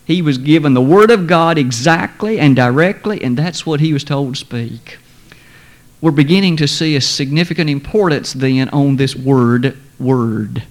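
A man preaching a sermon, speaking in a measured, formal way and slowing down to stress quoted scripture. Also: on the high side. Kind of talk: sermon lesson.

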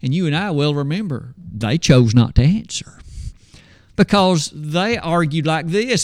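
A man's voice: a little high, animated, unhurried, dry recording, studio quality. A man preaching a sermon, posing rhetorical questions and swinging his voice up and down when he quotes scripture.

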